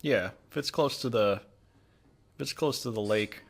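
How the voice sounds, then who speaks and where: A man's voice: mid-range voice, moderate pace, vocal fry. A man hosting a casual podcast chat, easygoing and explaining things with filler words. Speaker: podcast host.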